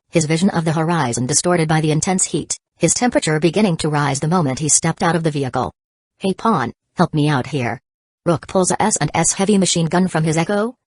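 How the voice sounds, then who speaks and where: A woman narrating an audiobook in a steady, even reading voice. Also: low voice, no room sound. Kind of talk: scripted narration.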